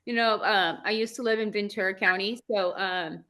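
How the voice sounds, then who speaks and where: A woman's voice: medium pitch, moderate pace, sharp tone. A woman from Southern California with a valley girl accent, hosting a casual online chat, bubbly and chatty, laughing often. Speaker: host.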